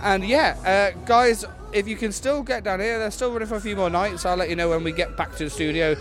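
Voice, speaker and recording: A man's voice: sits high, brisk, fairly bright tone. A man hosting on location, upbeat and heavy on fillers as he interviews guests. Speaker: host, reporter. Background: faint music.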